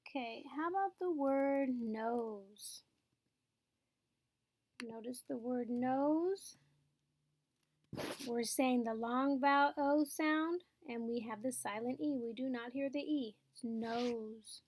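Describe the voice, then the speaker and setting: A woman's voice: sits high, slow, a little mellow. A woman teaching a phonics lesson, explaining patiently step by step and checking in with her students.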